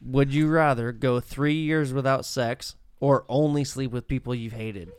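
A man's voice: mid-range voice, measured pace, clear, resonant tone, dry recording. A man co-hosting a podcast, reading out questions and teasing his friends in casual, profane banter, laughing often. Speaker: podcast co-host asking the questions.

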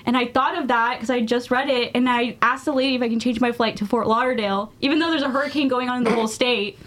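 A woman's voice: a little high, fairly even intonation, quick pace, a bit bright. A young woman co-hosting a casual chat, telling a long story full of fillers. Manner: chatty storytelling with lots of fillers. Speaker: podcast co-host.

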